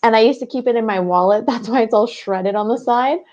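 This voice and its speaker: A woman co-hosting a casual sports podcast, chatty and giggly with quick asides. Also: a little high, darkish tone. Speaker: podcast co-host. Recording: dull lo-fi audio.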